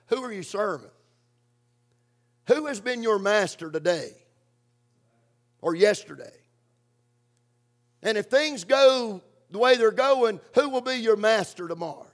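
A man preaching a sermon in a church, stressing points by slow repetition. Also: high-pitched, animated.

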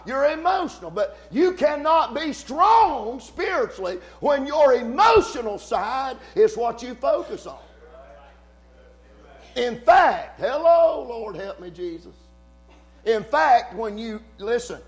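A man preaching a fervent sermon in church, rising to shouts between folksy asides. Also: very high voice, lively intonation, a little slow, soft background music.

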